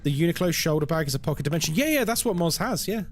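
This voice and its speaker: Lively man streaming a horror game. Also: on the high side, rapid-fire, a little hiss or hum. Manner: chatty, reacts aloud to the game and greets viewers. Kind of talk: live gameplay commentary and chat.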